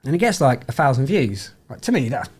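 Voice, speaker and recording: A man's voice: medium pitch, brisk, slightly rough. Bloke on a podcast, chatty storyteller, middle-aged, does the voices when he quotes people. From United Kingdom. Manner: chatty, acts out quoted dialogue with lively voice shifts. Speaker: podcast guest. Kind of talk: casual storytelling interview.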